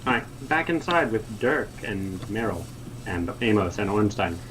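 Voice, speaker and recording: Low-voiced man running a tabletop game. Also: expressive, background noise. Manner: descriptive, unhurried, fills with "uh" and "like". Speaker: game master.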